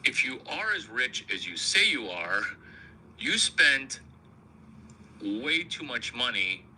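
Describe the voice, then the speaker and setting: A man riffs through a comic monologue at a slow, deliberate pace. His voice is pressed and forceful, with a sharp edge. He stays provocative and crude, often turning the joke on himself. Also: mid-range voice, sing-song, a little hiss or hum, rough recording. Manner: provocative, crude, self-mocking. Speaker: comedian host.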